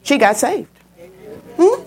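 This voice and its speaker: A middle-aged woman preaching a sermon, telling a personal story and swooping up high when she quotes people. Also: sing-song, slow pace, background noise.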